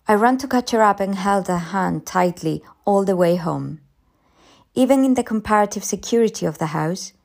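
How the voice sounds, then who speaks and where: A woman narrating a ghost story in a measured, dramatic way for English learners. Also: medium pitch, creaky, darkish tone.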